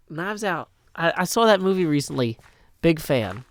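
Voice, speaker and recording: This gamer from Tennessee greets his livestream audience in a slow, playful casual chat, his Southern twang slipping into sing-song rhyming verse. He has a fairly high pitch and is very animated, and there's no room sound.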